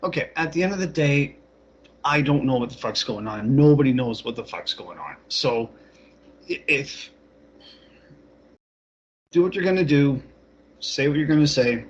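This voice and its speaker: A man's voice: mid-range voice, sing-song, moderate pace, long pauses, breathy edge. A man speaking bluntly and swearing in casual chat on an online call. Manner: blunt, swearing, hesitant opinions. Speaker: participant in an online hangout. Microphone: online call mic. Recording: dull call audio with faint hiss.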